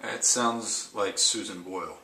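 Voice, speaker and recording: A man's voice: lowish voice, a little slow, pushed and bright, recorded from a distance. A man playing a casting director, polite and businesslike, awkwardly patient. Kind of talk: comedy sketch acting. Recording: echoey room, faint noise.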